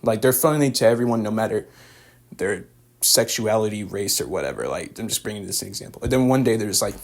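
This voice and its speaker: Young man, casual review recap, rambling, slangy, lowish voice. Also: expressive, brisk, creaky. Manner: rambling, filler-heavy, slangy.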